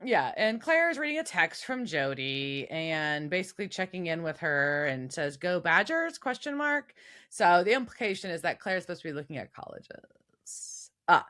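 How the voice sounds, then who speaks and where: Lively, low-voiced woman co-host. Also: normal speed. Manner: laughs often, recaps the plot in detail. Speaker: podcast co-host. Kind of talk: casual chat recapping an episode.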